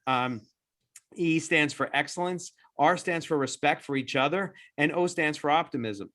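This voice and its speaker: Persuasive, animated man pitching. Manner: talks in quick bursts with frequent restarts. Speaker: dental practice-growth consultant. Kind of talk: webinar presentation.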